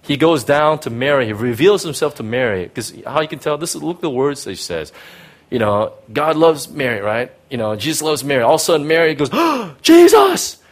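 A pastor preaching to a gathered congregation in an everyday, middle-pitched male voice. He moves dramatically between forceful peaks and soft, near-whispered passages. He keeps checking in with his listeners through casual asides. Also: fast talker. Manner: dramatic, swings from loud emphasis to hushed tenderness; conversational asides, frequent "right?" and "you know". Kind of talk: sermon. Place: before a live congregation.

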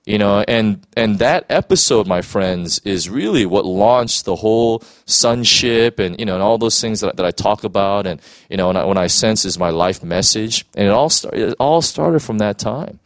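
Brief: an earnest pastor sharing his story, lower voice swinging up and down with feeling. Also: lively intonation, normal speed, few pauses, dry recording. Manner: emotional, earnest, many restarts and "you know"s. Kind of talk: personal testimony in conversation.

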